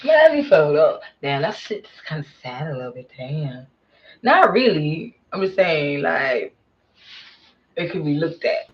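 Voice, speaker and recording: A woman narrates her vlog in a casual, excitable way, her pitch swinging widely as she exclaims and then drops to murmurs. She speaks slowly and unhurriedly. The recording sounds dull and lo-fi. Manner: animated, exclaiming, trailing into murmurs. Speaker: vlogger.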